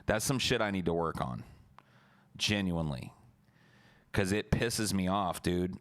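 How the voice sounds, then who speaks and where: Streamer, male, very low pitch, loose profane chatter, dry close sound. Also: animated, measured pace, dry recording. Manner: loose, profane and rambling, with many restarts. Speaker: live streamer. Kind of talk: casual late-night stream chat.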